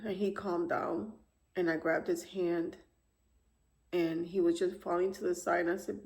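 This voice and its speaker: A woman in her fifties, a grieving mother, telling the story of her son's death to camera in a soft, halting, tearful way. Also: on the low side, level tone, gravelly. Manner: soft, halting, tearful retelling with quiet pauses. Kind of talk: emotional personal testimony to camera.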